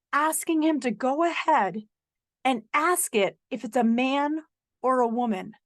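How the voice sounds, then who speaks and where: A woman's voice: fairly high pitch, no echo, clean studio sound. A middle-aged woman from North Carolina hosting a podcast, telling a personal story in an earnest way, sometimes turning sarcastic. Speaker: podcast host.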